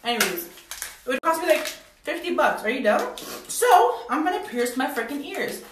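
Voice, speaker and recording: Excitable young woman in an echoey room. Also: sits high, normal speed. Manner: excitable and dramatic, with sudden loud exclamations. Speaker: beauty vlogger. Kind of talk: casual vlog chat. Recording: echoey room with faint noise.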